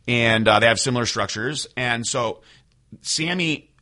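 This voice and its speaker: A young man hosting a podcast, telling gym stories in casual chat and acting out quotes with laughs. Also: mid-range voice. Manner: fast, animated storyteller who acts out quotes with laughs. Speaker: podcast host, bodybuilder.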